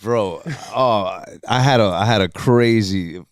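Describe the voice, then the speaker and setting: A man's voice: on the low side, slow. Laughing, profane man from New Jersey. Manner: loose, profane, laughs a lot, repeats himself. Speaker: podcast guest or co-host. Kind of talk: casual comedy podcast chat.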